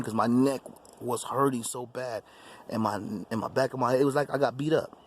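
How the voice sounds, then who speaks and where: Slight background noise accompanies this mid-range male voice, moving fairly fast as the YouTube host shares a personal testimony. He stresses points, repeats them, and keeps restarting his phrases.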